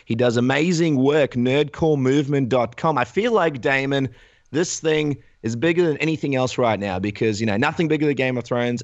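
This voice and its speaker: A man's voice: mid-range voice, no room sound. A man hosting a radio show, speaking in an upbeat, promotional way. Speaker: host. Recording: dull lo-fi audio.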